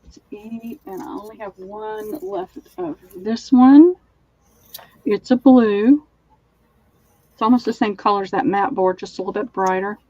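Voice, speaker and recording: A woman's voice: medium pitch, unhurried, dark tone, dull audio. A woman with a Southern accent hosting a live online sale, chatting as she describes linens in detail. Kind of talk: live-stream selling chat.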